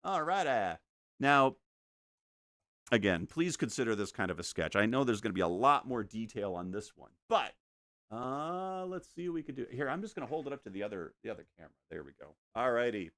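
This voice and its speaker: A man's voice: medium pitch, fairly quick, no echo. A man chatting casually while painting on a live stream at home, joking and making little sound effects as he works. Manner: animated, jokey, makes sound effects. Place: home studio.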